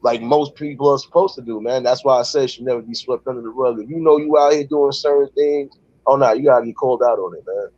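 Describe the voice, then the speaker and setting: A man's voice: mid-range voice, a little mellow. A man hosting a casual online panel, mulling points over in long, reflective stretches. His voice comes through dull and lo-fi, with a dry, close sound and no room echo. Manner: reflective, drawn-out talk with many fillers.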